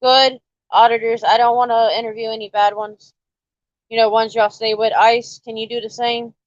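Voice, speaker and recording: On a casual live stream, a woman with a fairly high voice and a drawl coaxes and teases her viewers in a level tone at a moderate pace. The audio is dry and slightly muffled, like it came from a basic microphone.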